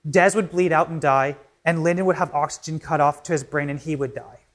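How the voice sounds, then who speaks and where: A man's voice: high voice, a bit bright. A young male pastor preaching a sermon, telling an emotional personal story in an earnest way with frequent restarts.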